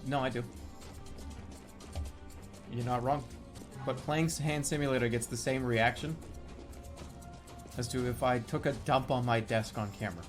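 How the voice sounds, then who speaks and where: A man streaming gameplay, commenting casually and swearing a lot, with sudden loud excited outbursts. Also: mid-range voice, moderate pace, pauses often, music in the background.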